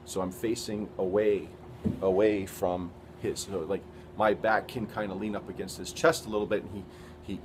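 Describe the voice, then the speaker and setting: Man, lowish voice, earnest halting testimony, storytelling with quoted dialogue. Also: background noise. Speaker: person giving a religious testimony.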